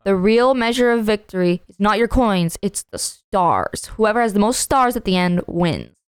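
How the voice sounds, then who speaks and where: A woman's voice: mid-range voice, sing-song, clean tone, no room sound, clean studio sound. Swearing woman chatting over a party game. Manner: blunt, swears freely, quick to laugh. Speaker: podcast co-host. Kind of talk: casual gameplay chat.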